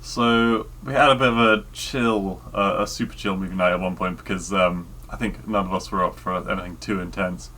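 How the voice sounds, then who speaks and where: A man talks easygoing podcast chat in a lowish voice with a forward, bright edge. He hesitates often and fills the gaps with ums and likes. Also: steady tone, a little fast, few pauses. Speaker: podcast co-host.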